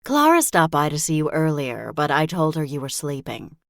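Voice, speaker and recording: A woman's voice: sits low, sing-song, normal speed, dry recording, studio quality. A woman voicing a self-absorbed middle-aged mother in an audiobook, talking breezily in a raised voice. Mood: breezy.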